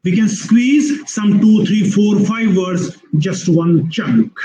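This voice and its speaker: A man giving an online webinar lecture on English skills, explaining slowly with repeated phrases and drawn-out spoken examples. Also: high voice, warm tone, roomy sound, soft background music, low-quality recording.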